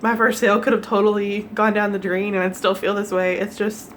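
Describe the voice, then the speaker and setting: A young woman from the United States, teary and emotional, talking haltingly with nervous laughs in a personal vlog. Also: mid-range voice, little pitch movement, a little hiss or hum. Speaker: vlogger.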